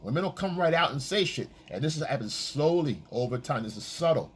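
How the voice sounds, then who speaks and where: Male dating coach, husky tone, lively swooping delivery, casual profane monologue. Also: fairly quick. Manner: animated, acts out quoted lines in a high voice.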